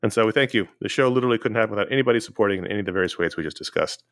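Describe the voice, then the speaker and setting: A man's voice: on the low side, rapid-fire, a bit bright, no room sound, studio quality. A man co-hosting a podcast in a casual, chatty way, running through announcements and listener emails. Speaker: podcast co-host.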